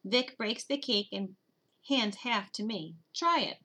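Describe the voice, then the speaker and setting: A woman giving expressive, steady first-person narration of a children's storybook. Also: mid-range voice, slow pace, breathy edge. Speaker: audiobook narrator.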